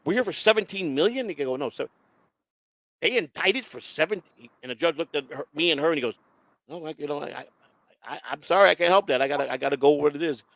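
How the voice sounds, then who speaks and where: A man's voice: on the high side, fast talker, creaky, no room sound, low-quality recording. A man hosting a casual online show, telling a long profane story and acting out the voices of the people in it. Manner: profane, animated, acts out quoted voices. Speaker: host.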